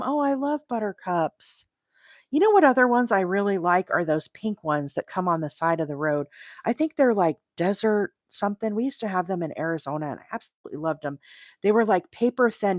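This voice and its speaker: A woman's voice: on the low side, no echo, clean studio sound. A woman hosting a crochet livestream, chatting casually, rambling and laughing often. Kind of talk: casual live-stream chat.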